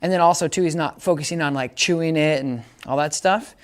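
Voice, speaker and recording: A man's voice: fairly high pitch, brisk, hardly any pauses. Chatty man explaining dog training. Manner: chatty, explains step by step, often checks understanding. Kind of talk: casual outdoor training demonstration.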